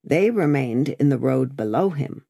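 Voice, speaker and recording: A woman narrating an audiobook in a steady, measured reading voice. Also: extremely low pitch, gravelly, dry recording, studio quality.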